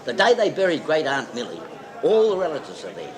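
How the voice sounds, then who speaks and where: An Australian actor playing a man who tells a joke with lively storytelling in a 1970s film drama. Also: on the high side, brisk. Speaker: joke teller. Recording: echoey room with crowd in an old film. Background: crowd chatter.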